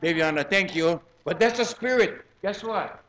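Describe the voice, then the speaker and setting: A man in his seventies with a Hawaiian Pidgin English accent, giving a lively, joking talk to a gathering and repeating words in quick bursts. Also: high voice. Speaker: presenter at a community gathering.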